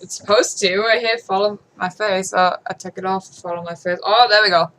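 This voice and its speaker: A woman's voice: mid-range voice, fairly even intonation, moderate pace, a bit bright, a little hiss or hum, rough recording. A woman vlogging at home into a camera close to her face, giggling often, silly and a little self-conscious as she rambles. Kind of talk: casual, rambling vlog.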